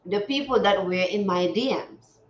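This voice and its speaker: A woman's voice: mid-range voice, moderate pace, a little hiss or hum. A woman from Gambia hosting a spiritual livestream, talking in an earnest, preachy way and repeating phrases for emphasis. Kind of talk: casual livestream talk. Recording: roomy, dull lo-fi sound.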